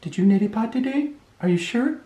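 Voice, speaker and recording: A wary, teasing wife with a high, fluttery voice, as a man puts her on. The voice lifts well above a man's natural range and bounces between notes. The room sounds roomy and echoey. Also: animated, brisk, mellow. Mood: suspicious.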